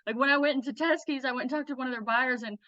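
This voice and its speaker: Young woman guest, super bright voice, dry muffled sound, blunt and laughing a lot. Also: high voice, racing, no room sound. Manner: energetic, blunt, laughs often. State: close to tears. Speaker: guest, clothing designer. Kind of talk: casual interview storytelling.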